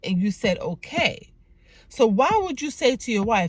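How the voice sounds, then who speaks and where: A woman hosting a casual TV episode review, telling the story in an animated, chatty way and acting out the characters' lines. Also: mid-range voice, measured pace, no room sound. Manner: chatty with repeated emphatic words. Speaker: YouTube TV recap host and clinician.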